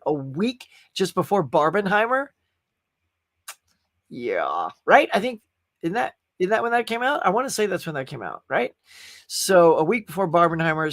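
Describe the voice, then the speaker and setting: A man's voice: sits high, fairly bright tone, no echo, studio quality. A man from the United States hosting a casual live pop culture chat, rambling and answering viewers' comments.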